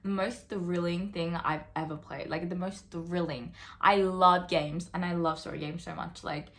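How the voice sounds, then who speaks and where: A woman's voice: on the low side, fairly even intonation, normal speed, a bit bright. A young woman talking straight to camera in a casual opinion vlog, chatty and earnest, with lots of fillers. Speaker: vlogger.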